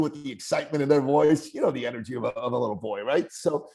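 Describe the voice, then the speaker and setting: A man's voice: mid-range voice, fast, hardly any pauses, slightly rough. A man in his forties, a podcast guest, telling a personal story in conversation and acting out the voices of the people in it. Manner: animated storyteller who acts out quoted voices.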